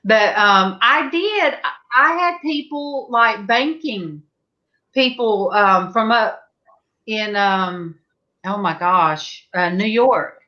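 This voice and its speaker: Taking it slowly in a mid-range voice, a middle-aged woman with a Southern US accent hosts a casual panel discussion. She rambles through stories, chatty and full of fillers and restarts. The sound quality is dull and lo-fi.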